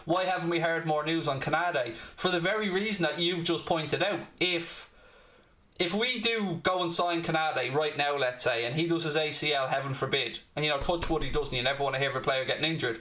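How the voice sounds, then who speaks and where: A man's voice: on the high side, a little fast, bright, forceful tone. Blunt, cheeky Dublin Irish man. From Ireland, Dublin. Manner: blunt, cheeky, swears freely. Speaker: fan channel host. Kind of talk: football watchalong chat. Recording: roomy echo.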